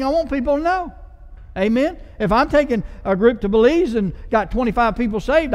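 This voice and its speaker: A man preaching a passionate sermon as pastor, mixing loud swells with conversational asides. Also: very high voice, big pitch swings, moderate pace, long reverb tail.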